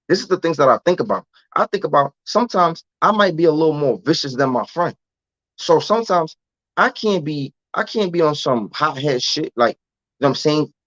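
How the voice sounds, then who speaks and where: A man's voice: a little high, fairly bright tone, dry recording. A man, telling a candid story as a podcast guest in streetwise slang. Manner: streetwise slang, often adds "you know what I'm saying". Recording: dull, dry lo-fi recording.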